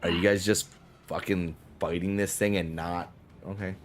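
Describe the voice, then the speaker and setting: A man with a very low voice runs a tabletop game, talking in a loose, rambling way and restarting his sentences as he goes. Soft music plays faintly behind him. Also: little pitch movement, normal speed. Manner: casual, rambling, with frequent restarts and swearing. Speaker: game master.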